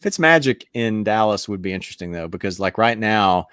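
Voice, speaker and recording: A low-pitched man talks casually as a podcast co-host, circling his thoughts with hesitant restarts. His voice sounds dry and close, with no room around it. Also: expressive, a little fast, fairly bright tone, clean tone, dry recording. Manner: hesitant, thinks aloud. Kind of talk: casual fantasy football chat.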